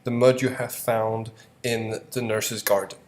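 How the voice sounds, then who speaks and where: A man narrating as game master of a tabletop game in a measured, descriptive way. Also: on the low side, level tone, reverberant, rough recording.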